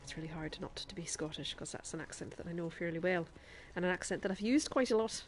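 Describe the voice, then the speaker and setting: Woman, put-on Irish accent, lower voice, chatty live game commentary, laughs often. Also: fast. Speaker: game streamer.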